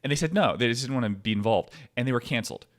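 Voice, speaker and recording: A man hosting a podcast, ranting with sarcastic, profane commentary that swings from low mutters to loud outbursts. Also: expressive, racing. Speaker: podcast host.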